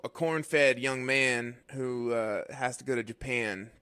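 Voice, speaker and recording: Deadpan comedy podcast co-host, dry sound. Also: male voice, medium pitch, slow pace, clear, resonant tone, dry recording. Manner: dry deadpan one-liners. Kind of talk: casual comedic chat.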